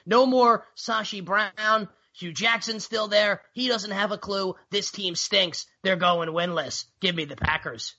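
A man's voice: high voice, unhurried, few pauses, pushed and bright. A man co-hosting a sports betting podcast, brash and teasing in casual chat. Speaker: podcast co-host. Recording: dull lo-fi podcast audio.

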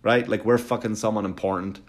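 Fast-talking, profane male comedian. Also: fairly low pitch, fairly even intonation. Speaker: stand-up comedian. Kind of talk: stand-up storytelling.

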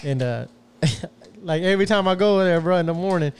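A man co-hosting a casual podcast chat, quick with reactions and dropping low and quiet when he tells a story. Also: smooth. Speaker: podcast co-host.

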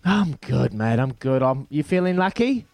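A man's voice: medium pitch, sing-song, normal speed, vocal fry, a little mellow, no room sound. A man hosting a breakfast radio quiz, matey and jokey with callers. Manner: matey, jokey, laughs often.

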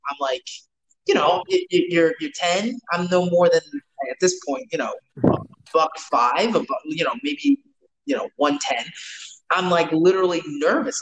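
A man's voice: fairly high pitch, fairly bright tone, rough recording. A man, telling rambling, profane stories with lots of restarts in a casual chat. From New York.

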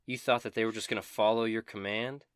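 A man's voice: on the low side, steady tone, fast talker, clean tone, no echo, studio quality, close to an everyday voice. A man voicing an angry, contemptuous woman sheriff who curses harshly. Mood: furious. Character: furious hard-bitten woman sheriff.

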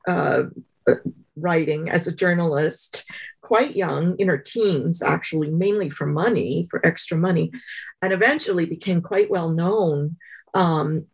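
A woman biographer being interviewed, telling anecdotes conversationally with thoughtful pauses and frequent fillers. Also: lowish voice, vocal fry, husky, poor audio. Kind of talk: conversational storytelling.

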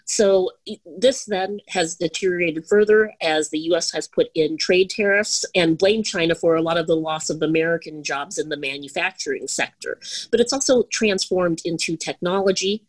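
A middle-aged woman with a slightly husky, low-set voice. She answers questions in a measured, explanatory way, often adding "you know" as she lays out her points. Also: poor audio. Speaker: guest, head of global research at a bank. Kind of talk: interview answers.

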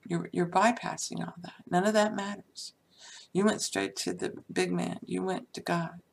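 A woman's voice: lowish voice, fairly even intonation, normal speed, creaky, husky. A woman giving a casual spiritual teaching talk, chatty and full of "you know" and "okay?", sometimes dropping to a whisper for emphasis. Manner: conversational, frequent "you know" and "okay?" tags.

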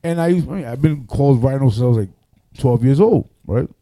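A man, a radio personality and MC, telling loud, animated stories on a podcast and swearing often. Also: medium pitch, fairly quick. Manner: animated, loud, acts out other people's voices, swears often. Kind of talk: casual storytelling on a podcast.

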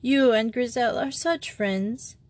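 A tearful young French schoolgirl, lonely and pleading, her high voice thin with sobs, as a woman reader puts her on. She speaks in slow, clinging phrases, well above the reader's own pitch. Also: a little mellow, dry recording. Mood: sobbing. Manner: sobbing, pleading.

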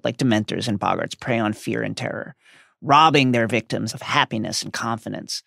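A man co-hosting a podcast, reading a prepared essay about a novel with emphatic, animated delivery. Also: mid-range voice, fairly quick, vocal fry, slightly rough, dry recording, studio quality. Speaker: podcast co-host.

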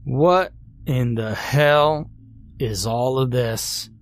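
A man's voice: medium pitch, very slow. A man voicing a drunken, angry father with a slurred, menacing delivery. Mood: drunken menace. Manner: slurred, menacing, spitting insults.

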